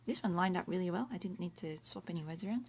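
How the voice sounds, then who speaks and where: Talking fast in a lowish, darkish, slightly rough voice, a middle-aged woman from Australia runs a relaxed Latin livestream from home. She explains each word in turn and keeps breaking off for asides, with faint room noise audible.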